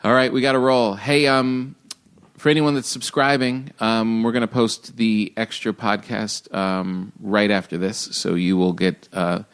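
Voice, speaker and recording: A man's voice: fairly low pitch, fairly even intonation, unhurried, clean tone. A man from New Jersey with a New Jersey accent, hosting a podcast in casual, joking chat and laughing often. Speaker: podcast host.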